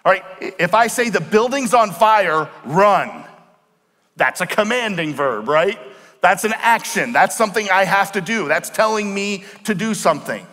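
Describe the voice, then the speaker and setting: A man preaching a sermon as pastor, explaining words slowly and asking the congregation questions. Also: sits high, expressive, sharp tone. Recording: long hall reverb.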